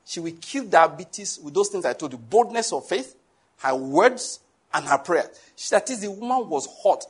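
A man preaches to his congregation, laughing often and tossing questions at the listeners. His voice sits a little high and sounds husky. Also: sing-song, moderate pace. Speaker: pastor. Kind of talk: sermon.

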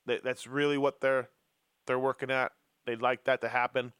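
A man hosts a casual racing podcast and keeps teasing his co-hosts. His voice is mid-pitched. The sound is dry and close. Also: flat delivery, moderate pace, a bit bright, clean tone, no echo. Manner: joking, teasing. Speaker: host.

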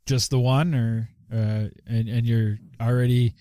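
A man hosting a live podcast in a loose, rambling chat, full of fillers and quick laughs. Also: mid-range voice, level tone, warm tone, no echo, studio quality. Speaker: podcast host. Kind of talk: casual live show chat.

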